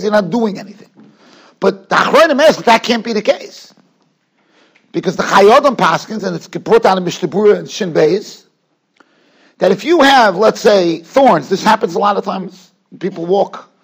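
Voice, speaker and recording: A man's voice: high-pitched, a bit bright, husky. A man, a rabbi teaching a Talmud class in a yeshiva, explaining step by step and repeating words as he builds his argument. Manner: explanatory, repeats words while building an argument, mixes in Hebrew and Yiddish terms. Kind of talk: lecture on Jewish law, explaining and questioning. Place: yeshiva study hall.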